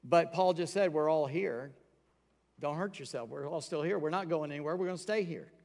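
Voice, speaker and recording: Male pastor, sermon delivery, gravelly and slightly high, conversational, recorded in a reverberant church hall. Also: fairly quick, a little mellow. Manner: conversational preaching, acting out quoted voices. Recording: long reverb of a large hall.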